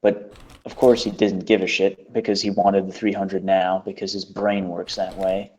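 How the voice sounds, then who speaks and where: Lower-voiced man telling a profane story. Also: little pitch movement, moderate pace, darkish tone, breathy edge. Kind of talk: casual chat. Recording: dull lo-fi recording.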